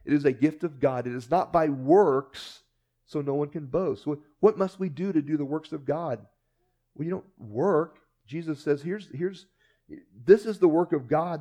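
A man preaching a sermon with animated delivery, acting out the voices of people he quotes and often repeating words. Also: a little high. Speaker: pastor.

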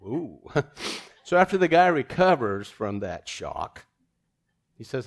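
Brief: lay preacher, casual sermon in church, jokey asides, average pitch. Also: male voice, sing-song, a little slow. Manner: casual, self-deprecating, chuckling asides.

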